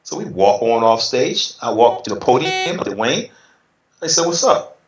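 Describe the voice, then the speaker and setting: A middle-aged man telling stories in a casual interview, lively and acting out what others said. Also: medium pitch, moderate pace, a little hiss or hum. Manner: animated, acts out quotes in other voices. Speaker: interview guest, retired bodybuilder. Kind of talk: casual storytelling. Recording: roomy, slightly dull sound.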